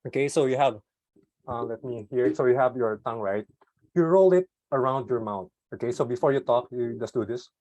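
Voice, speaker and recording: Recorded on a desktop USB mic with no room sound and the high frequencies cut off, a man gives an online product management talk. He speaks casually with fillers and soft laughs, shifts widely in pitch and loudness, and pauses and slows on purpose.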